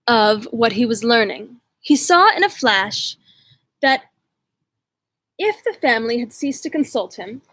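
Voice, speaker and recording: A woman's voice: on the high side, fairly bright tone, breathy edge, dry recording, poor audio. A woman reading a classic novel aloud, with casual asides to her dog. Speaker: audiobook reader.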